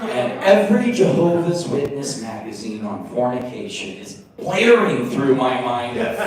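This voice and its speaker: A young man telling a self-mocking stand-up story at an open mic, jumping into high put-on voices for the people in it. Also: sing-song, unhurried, few pauses, a crowd in the background. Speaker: stand-up comedian. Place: small comedy venue. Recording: echoey room mic from a distance.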